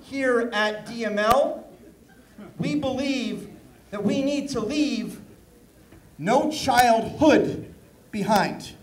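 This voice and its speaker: A man working as an event emcee, energetically leading a live audience in call-and-response chants and shouting to pump them up. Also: very high-pitched, drawn-out words, pauses often, rough recording. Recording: live event with loud crowd and background noise. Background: crowd noise.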